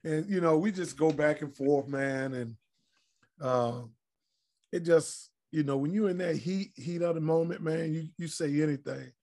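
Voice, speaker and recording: At a measured pace and a slightly high pitch, this former pro basketball player, now middle-aged, talks as a guest on a podcast. His casual interview stories are animated, blunt, and full of cursing.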